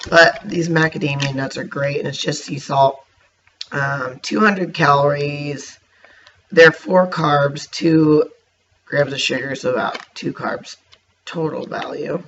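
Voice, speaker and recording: A man's voice: fairly high pitch, fairly even intonation, takes it slowly, gravelly, fairly bright tone. A man casually reviewing snacks for his viewers, chatty and hiccuping now and then. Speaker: vlogger. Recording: dull lo-fi sound with faint noise.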